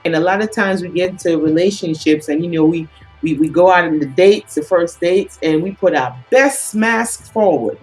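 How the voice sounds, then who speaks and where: A woman with a notably low voice talks through relationship advice in a casual chat. She is earnest and emphatic and keeps coming back to her key phrases. Faint music plays underneath. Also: normal speed, rough recording. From the Caribbean islands.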